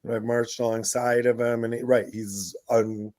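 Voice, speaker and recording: A man co-hosting a radio talk show, telling lively stories and acting out quoted voices, often laughing. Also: mid-range voice, moderate pace, dry recording. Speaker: radio show co-host, former city council member. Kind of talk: casual storytelling radio conversation.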